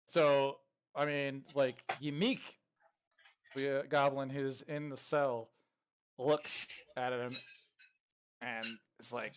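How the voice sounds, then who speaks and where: A man narrating a tabletop game as dungeon master, casual and halting with many fillers. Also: medium pitch, steady tone, a little hiss or hum.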